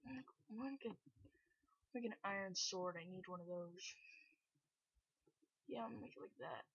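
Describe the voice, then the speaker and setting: A woman giving casual, self-mocking gameplay commentary, chatty and breaking into loud exclamations. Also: medium pitch, normal speed, creaky, breathy edge, no echo. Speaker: gameplay video host. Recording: dull lo-fi recording.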